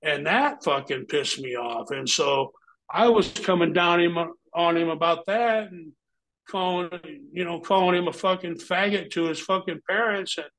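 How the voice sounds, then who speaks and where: Middle-aged man, ex-wrestler guest, a touch high-pitched, blunt and profane. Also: moderate pace, fairly bright tone, low-quality recording. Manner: blunt, heavily profane storytelling. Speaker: interview guest, former pro wrestler. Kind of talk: casual storytelling interview.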